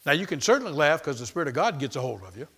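Male preacher, sermon, emphatic, repetitive, call-outs to the congregation, slightly high pitch. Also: sing-song, racing, fairly bright tone, husky.

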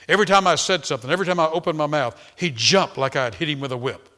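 Bright-voiced dramatic male preacher. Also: on the high side, racing, few pauses. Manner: dramatic storytelling with big swings of volume. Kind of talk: sermon.

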